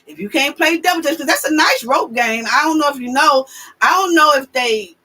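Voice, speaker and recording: Sassy high-voiced New woman host. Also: fairly quick. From New York. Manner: animated, sassy, confrontational. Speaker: livestream host. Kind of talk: livestream commentary, reading chat names.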